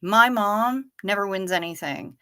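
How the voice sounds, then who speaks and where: A woman's voice: medium pitch, a little slow, pushed and bright. A woman hosting a livestream, chatting casually and answering viewer comments. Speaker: livestream host.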